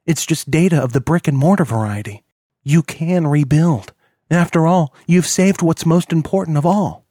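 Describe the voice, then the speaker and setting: A gentle, patient priest, as a man voices him in a soft, consoling, encouraging way. The read sounds dry and close to the mic. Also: a little high, normal speed, slightly rough, no room sound, pitched above the performer's own voice.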